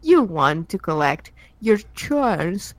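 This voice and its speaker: A woman's voice: fairly low pitch, very animated, takes it slowly, dry recording, low-quality recording. A woman co-hosting a casual podcast, playful and giggly. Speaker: podcast co-host.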